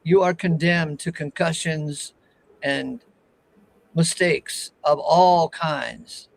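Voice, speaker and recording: A man leading a casual Bible discussion, explaining scripture in an expressive, teasing way. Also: on the high side, slow, vocal fry, poor audio. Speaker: Bible teacher.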